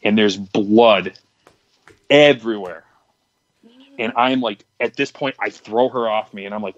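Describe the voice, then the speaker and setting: A man's voice: fairly low pitch, measured pace, long pauses, dry recording, muffled recording. A young man on a podcast telling a long, candid story, rambling with many restarts and crude words. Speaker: podcast co-host. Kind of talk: casual storytelling chat.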